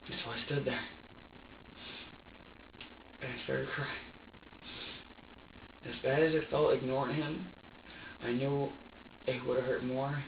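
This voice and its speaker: Halting, agitated man in an echoey room. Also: mid-range voice, vocal fry, noisy background. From upstate New York. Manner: agitated, halting, many restarts and curses. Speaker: suspect being questioned. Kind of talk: police interrogation statement. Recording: echoey room, distant mic, muffled.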